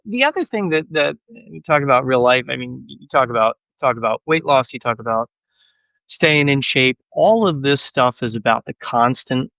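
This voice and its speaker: Animated man with a muffled, lo-fi sound. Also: mid-range voice, creaky, no echo. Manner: animated, self-deprecating storytelling. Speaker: sales executive guest. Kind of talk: casual podcast conversation.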